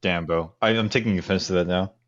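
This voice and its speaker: A young man co-hosting a podcast, talking in a hesitant, halting way in casual chat. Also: low-pitched, steady tone, highs cut off. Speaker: podcast co-host.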